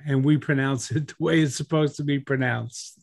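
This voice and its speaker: A man's voice: medium pitch, steady tone, moderate pace, vocal fry. A man from Louisiana with a Louisiana accent, co-hosting a writing event in enthusiastic, playful casual chat over a video call. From Louisiana, United States.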